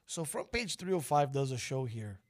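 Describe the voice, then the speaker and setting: A man's voice: mid-range voice, very animated, normal speed. A man hosting a radio show, chatting in a playful, teasing way. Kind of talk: casual radio banter.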